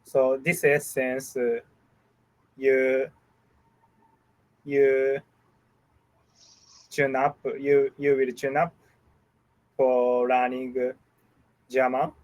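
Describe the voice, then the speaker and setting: A Japanese man practicing English on a video call. He speaks very slowly, stopping often and searching for words. He repeats phrases back as he works through them. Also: mid-range voice, monotone, a little mellow, low-quality recording. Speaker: English learner. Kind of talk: online English lesson.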